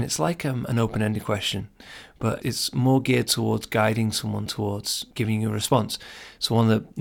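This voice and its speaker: A man's voice: mid-range voice, vocal fry. A man hosting a podcast, giving earnest, encouraging advice straight to the listener in a casual monologue. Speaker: podcast host.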